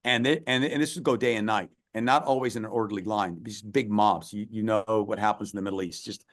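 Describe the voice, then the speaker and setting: A man's voice: on the low side, fairly even intonation, fast talker. A middle-aged man, a podcast guest, telling a long story in an earnest, emphatic way. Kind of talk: storytelling interview.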